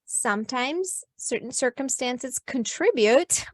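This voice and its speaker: A woman with a fairly high voice talks earnestly as a guest coach, leaning on "like" and "you know" as she explains. The sound is dry and close, with no room in it. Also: animated, slow pace, dry recording. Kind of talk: podcast interview advice.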